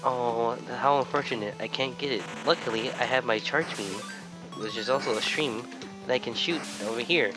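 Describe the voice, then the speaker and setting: An overly humble, soft-spoken gamer, put on by a man, talking slowly and sweetly through a game. His voice sits at a middling pitch, with the game's music playing clearly behind him. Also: lightly acted, low-quality recording. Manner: slow, sugary, mock-gentle commentary. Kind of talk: let's-play commentary. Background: video game music.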